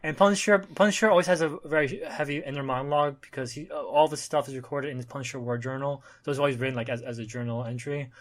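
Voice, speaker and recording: A man on a casual podcast walks through a comic book's plot. He pauses often on "uh" as he goes. His voice sits at an ordinary middle pitch. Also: steady tone. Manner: retells the plot with frequent "uh" pauses. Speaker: podcast co-host summarizing a comic. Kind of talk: casual chat.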